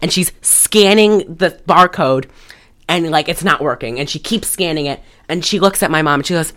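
Low-voiced woman telling a rambling story. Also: normal speed, fairly bright tone. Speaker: podcast co-host. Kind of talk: casual chat.

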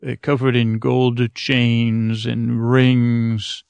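A man's voice: medium pitch, level tone, very slow, creaky, a little mellow, clear, resonant tone, no echo. A man improvising a bedtime story, rambling with many fillers and self-corrections.

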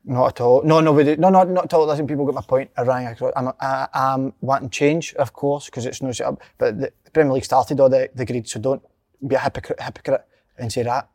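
A man in an animated, casual football chat. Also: medium pitch, quick pace, no echo, clean studio sound. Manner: animated, swears, says mate a lot.

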